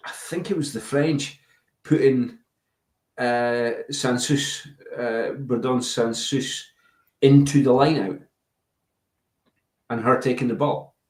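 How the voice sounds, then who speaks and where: Male podcast co-host, mid-pitch, casual chat, roomy echoey sound. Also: steady tone, slow pace, pauses often, a little mellow. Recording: echoey room.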